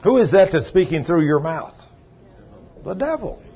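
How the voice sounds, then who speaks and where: An older man preaching a sermon in a folksy way, husky, swinging from soft asides to loud calls. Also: a little high, fairly quick. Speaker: pastor. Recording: dull lo-fi sound.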